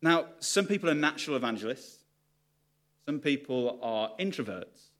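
A man's voice: medium pitch, expressive, normal speed, fairly bright tone, a little hiss or hum. A man preaching a sermon to his congregation, candid and confessional about his own struggles. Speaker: pastor.

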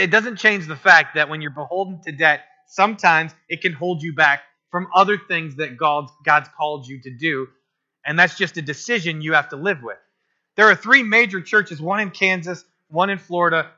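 A man's voice: high-pitched, pushed and bright, dull audio. A man preaching a sermon as pastor, conversational and loose, with restarts and asides to the congregation.

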